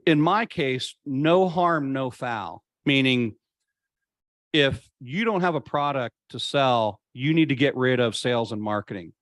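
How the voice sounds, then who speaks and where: A man guest in an interview, telling a personal story in an earnest, reflective way and slowing down to stress key points. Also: medium pitch, animated, dry recording, studio quality. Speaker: podcast guest.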